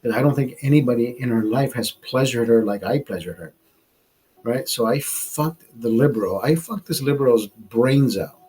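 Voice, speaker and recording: Profane ranting husky-voiced man. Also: medium pitch, moderate pace, dark tone, low-quality recording. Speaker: livestream host. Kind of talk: ranting storytime monologue.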